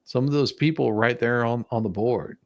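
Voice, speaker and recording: A man with a gravelly, creaky voice reacts to video clips in a commentary vlog. He talks sarcastically, cracking mocking jokes and laughing often. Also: medium pitch, normal speed.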